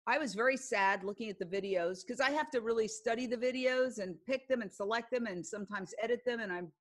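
An older woman speaks as a podcast guest in a fairly high voice. She tells her stories earnestly, acting out what others said, in a relaxed conversational way. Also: a little fast. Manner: earnest storyteller, acts out quoted speech. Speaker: guest, broadcast journalist.

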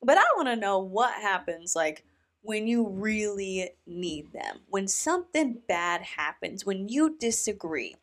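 A woman hosts a reaction commentary with a sarcastic, incredulous edge. Her voice sits at a middle pitch, and her delivery is animated. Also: measured pace. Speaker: commentary host.

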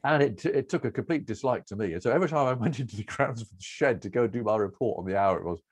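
A middle-aged man telling relaxed anecdotes as an interview guest, rambling and self-deprecating with restarts and chuckles. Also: mid-range voice, fast talker, breathy edge. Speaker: cricket broadcaster, interview guest.

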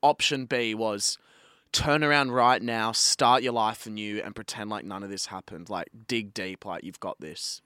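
A young man co-hosting a podcast, chatting casually, swearing and telling an animated story. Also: on the low side, normal speed, clear, resonant tone, no echo, clean studio sound. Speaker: podcast co-host. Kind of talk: casual chat.

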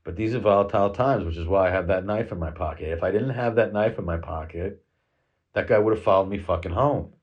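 A husky, low-voiced middle-aged man from the United States tells a rambling story, swearing freely and leaning on fillers. The recording sounds dull and lo-fi. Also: a little fast. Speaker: vlogger. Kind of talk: casual storytelling monologue.

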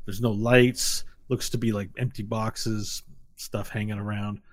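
Low-voiced man running a tabletop game. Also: flat delivery, measured pace. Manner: descriptive, loose, with frequent filler phrases. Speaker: game master.

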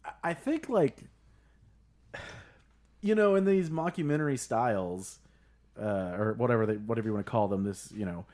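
A man's voice: medium pitch, moderate pace, pauses often, a little mellow. A man co-hosting a podcast, chatting casually and rambling through his points. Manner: rambling, laughs often, many fillers. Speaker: podcast co-host. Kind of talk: casual chat.

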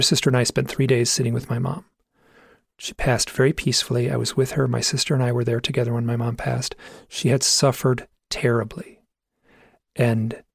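A man's voice: medium pitch, gravelly, no room sound, clean studio sound. A middle-aged man telling a personal story in an earnest, reflective way, often restarting his sentences. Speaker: speaker telling owl stories.

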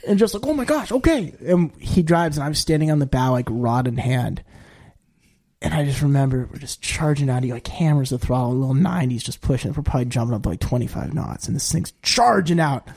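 A man as a podcast guest, telling a long story in a rambling, animated way, often saying "like" and jumping into high quoted voices. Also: fairly quick, creaky. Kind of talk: casual storytelling.

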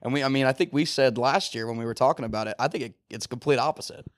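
A man's voice: mid-range voice, very fast, dry recording. Man rambling through sports hypotheticals. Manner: rambling hypotheticals, acts out quotes. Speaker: podcast co-host. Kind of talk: casual sports chat.

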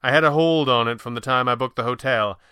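A man playing a composed wealthy young gentleman. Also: medium pitch, clear, resonant tone, no room sound, clean studio sound, close to an everyday voice. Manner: courteous, measured and formal. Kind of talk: audiobook narration.

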